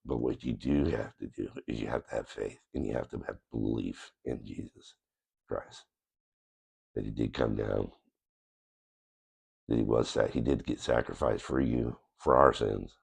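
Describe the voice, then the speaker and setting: A man's voice: very deep voice, unhurried, gravelly, pauses often, husky. A man with a nasal voice from a cold, telling his personal faith story to his channel in an earnest, plain-spoken, rambling way. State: recovering from a cold. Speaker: channel host. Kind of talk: casual personal testimony to camera.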